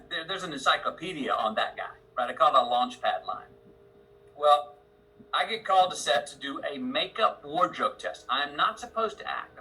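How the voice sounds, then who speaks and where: A man in his fifties, a guest actor, telling a long story in an interview with a slow drawl, murmuring his inner lines. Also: medium pitch, sharp tone, rough recording. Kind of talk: storytelling interview on a video call.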